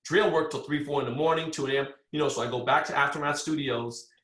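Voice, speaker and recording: A man telling a story as a podcast guest, animated and full of slang, acting out the other people's lines. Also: on the high side, quick pace, roomy sound. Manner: animated, acts out quoted dialogue with slang. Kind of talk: casual storytelling.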